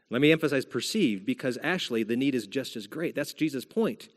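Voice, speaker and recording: A man's voice: medium pitch, fast, few pauses. A man, a senior pastor, delivering a sermon in a church sanctuary, retelling scripture in a conversational storytelling manner. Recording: long hall reverb.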